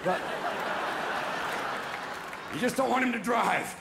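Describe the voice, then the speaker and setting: A man doing live stand-up comedy on a theater stage, manic and rapid-fire, bursting into loud shouts and sudden voice switches. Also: very high-pitched, animated, vocal fry, roomy sound. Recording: live theater recording with crowd noise. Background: audience laughing and cheering.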